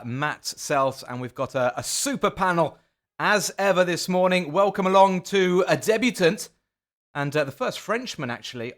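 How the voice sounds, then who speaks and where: A man hosting a football podcast in a casual, chatty way, often pausing on fillers and restarting his sentences. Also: a little high, fairly bright tone. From England. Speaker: podcast host.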